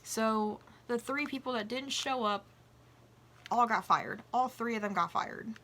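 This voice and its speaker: A young adult woman vlogger casually telling work stories in an animated way, swearing freely. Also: fairly high pitch, measured pace, slight background noise. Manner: animated, acts out quoted voices, swears casually. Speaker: vlogger and restaurant worker. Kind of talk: casual storytelling.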